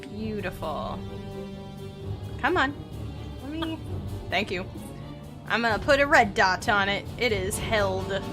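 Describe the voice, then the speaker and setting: A woman running a tabletop game as game master, describing the action vividly between quick rules checks. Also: mid-range voice, animated, over music.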